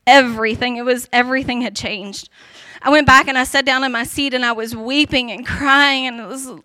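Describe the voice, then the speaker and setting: A woman with a high, sharp-edged voice tells her personal testimony. She speaks earnestly and emphatically, often with "like". The recording is dry and close. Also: steady tone, brisk, no room sound. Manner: earnest, emphatic storytelling with frequent "like" and laughs.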